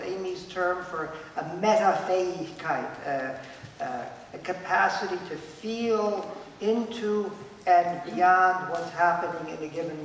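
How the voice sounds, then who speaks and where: High-voiced man lecturing in an echoey hall. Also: slight background noise. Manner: emphatic, repeats key points, acts out quoted voices. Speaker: conference speaker. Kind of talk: lecture at a conference. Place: conference hall. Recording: echoey hall, voice picked up from a distance.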